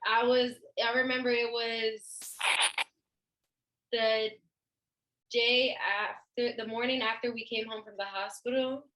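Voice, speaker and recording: A woman's voice: fairly high pitch, flat delivery, slow pace, pauses often, a bit bright, muffled recording. A young woman co-hosting a podcast, telling a personal story in casual chat and acting out what people said. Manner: storytelling, acts out quoted voices. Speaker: podcast co-host.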